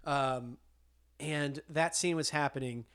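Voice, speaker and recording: A man's voice: on the high side, steady tone, takes it slowly, fairly bright tone, clear, resonant tone. A man co-hosting a casual film podcast, telling stories with eager enthusiasm and lots of fillers and restarts. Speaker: podcast co-host.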